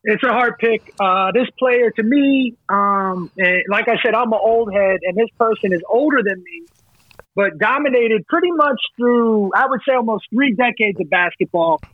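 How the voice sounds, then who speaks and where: A man's voice: high voice, lively intonation, normal speed, no echo. A man co-hosting a casual podcast, speaking in laid-back, joking banter with hesitations. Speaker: podcast co-host. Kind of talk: casual chat. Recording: dull, muffled sound.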